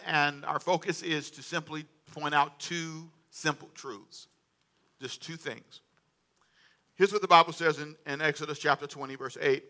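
Bright-voiced preaching pastor, a man. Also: fairly high pitch. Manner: call-and-response preaching, asks congregation to read aloud. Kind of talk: sermon.

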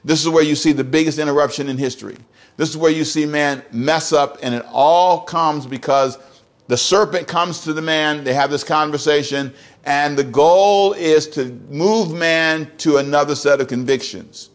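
A man's voice: fairly high pitch, normal speed. A man preaching a sermon as pastor, emphatic and repetitive, often asking the congregation direct questions.

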